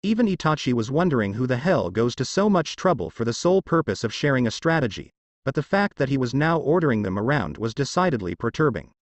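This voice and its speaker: A man narrating a fan fiction story in an expressive reading. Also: mid-range voice, fast, no room sound. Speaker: story reader.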